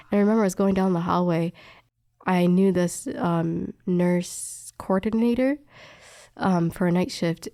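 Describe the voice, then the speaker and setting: A young woman tells her story of hospital work in a frank, emphatic way. Her voice sits fairly low. The sound is dry and close, with no room around it. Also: creaky, mellow, no room sound. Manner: candid, emphatic, quotes others' words. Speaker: respiratory therapist telling her story. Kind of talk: personal storytelling interview.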